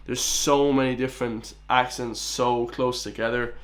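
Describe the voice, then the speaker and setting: A man's voice: mid-range voice, steady tone, normal speed. Chatty young man, mild Irish accent. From Ireland. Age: 20s. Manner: chatty, keeps addressing viewers as guys. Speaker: reaction video host. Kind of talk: casual reaction chat.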